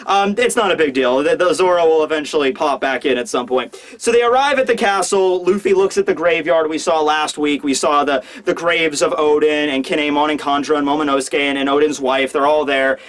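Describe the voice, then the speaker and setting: A young man giving a casual, rambling manga chapter review, acting out characters in quick voices. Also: a little high. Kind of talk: casual commentary.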